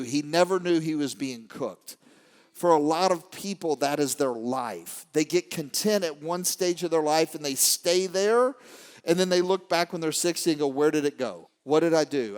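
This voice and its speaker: A man giving an animated motivational talk to a live audience, swinging from quiet storytelling to shouting. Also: fairly high pitch, clear, resonant tone. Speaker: motivational speaker. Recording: long hall reverb.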